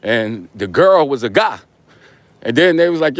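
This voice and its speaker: A man in his forties with a New York accent hosts a casual live stream, walking as he talks. He speaks in loose street slang and teases viewers about their comments. His voice sits at an ordinary pitch and sounds close and dry. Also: big pitch swings, moderate pace, no echo. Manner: slangy, teasing, street talk while walking.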